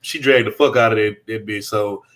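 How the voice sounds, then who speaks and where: A man's voice: lowish voice, fairly even intonation, a little fast, a bit bright. A man hosting a casual chat show, rambling, profane and leaning on the same stock phrases. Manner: profane, rambling, leans on "you know what I'm saying". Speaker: host.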